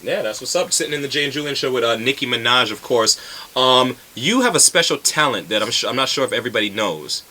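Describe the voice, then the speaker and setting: A man hosting a radio show, joking and excitable in quick banter. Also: mid-range voice. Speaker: radio host. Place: radio studio.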